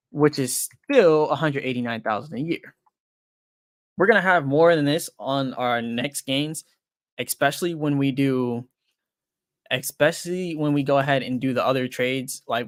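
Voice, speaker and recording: A young man hosts a crypto trading livestream, casually reading viewer comments and thinking aloud with lots of "um," "like," and restarts. His middling-pitched voice sounds dry and close with no room sound, and he comes off frank and a bit self-deprecating.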